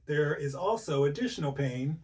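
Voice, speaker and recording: A man's voice: fairly high pitch, animated, moderate pace, darkish tone, far from the mic. A man hosting an informal health talk, conversational and full of rhetorical questions and "right?" tags. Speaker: host.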